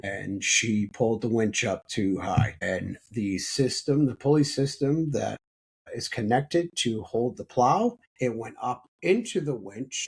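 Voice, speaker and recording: A man speaking as a podcast guest, telling a personal story in an earnest, halting way with frequent restarts. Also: medium pitch, husky.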